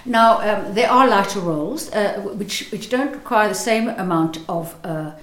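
A woman actress explains her craft in a thoughtful, articulate way, repeating words as she gathers her thoughts. Her voice sits at a middle pitch. The room around her is noticeably echoey. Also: moderate pace, fairly bright tone. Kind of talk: interview answers.

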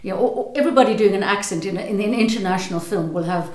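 An older South African actress with a South African accent talks through her answers at a middle pitch. She hesitates and restarts her phrases often. The room around her adds a noticeable echo. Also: racing. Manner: thoughtful, hesitant with many restarts. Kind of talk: interview.

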